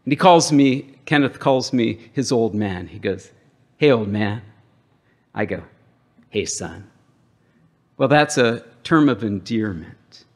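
A middle-aged man preaching a sermon as pastor, emphatic, with dramatic pauses and call-and-response with the congregation. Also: mid-range voice, expressive.

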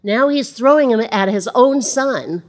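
A woman's voice: fairly high pitch, lively intonation, unhurried. A woman giving a conversational sermon, reading scripture aloud and adding chatty asides. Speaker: Bible teacher.

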